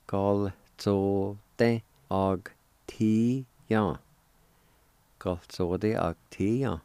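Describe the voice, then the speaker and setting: A man hosting a radio language lesson, spelling words letter by letter and repeating each pronunciation slowly. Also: sits low, warm tone, dry recording. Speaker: radio host teaching Cherokee words.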